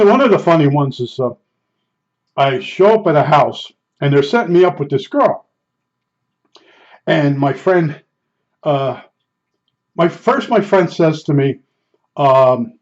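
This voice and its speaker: A man's voice: a little high, darkish tone. Rambling man telling dating stories. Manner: rambling, chuckling, self-deprecating. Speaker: storyteller. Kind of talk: casual storytelling. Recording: dull lo-fi recording.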